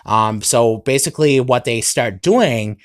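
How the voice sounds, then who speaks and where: A man's voice: mid-range voice, measured pace, dry recording, studio quality. A young man casually recapping an anime episode as a reviewer, rambling with lots of "um" and "basically".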